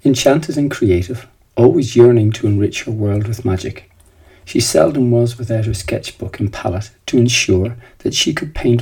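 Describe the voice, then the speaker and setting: A man giving scripted storybook narration in a slow, measured, reflective manner. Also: medium pitch, gravelly, warm tone, husky, low-quality recording.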